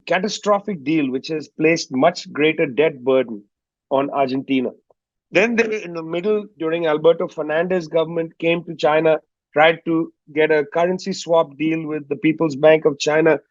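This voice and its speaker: A man speaks in a somewhat raised register and explains his points at a measured pace, often with small asides. The recording is dull and slightly lo-fi, with a dry, close sound and no room echo. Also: fairly high pitch. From India. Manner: measured, explanatory, frequent "you know" asides. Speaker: guest historian. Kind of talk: analytical interview answer.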